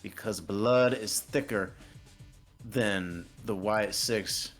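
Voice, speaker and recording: A man's voice: lowish voice, very slow, fairly bright tone, soft background music. A man narrating a wrestling video game in casual, crude, playful commentary.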